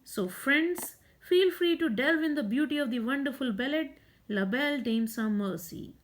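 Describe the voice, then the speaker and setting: A woman giving a literature lesson, explaining a poem in a measured way and reading verses aloud. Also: high-pitched, animated. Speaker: literature teacher. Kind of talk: poetry lecture.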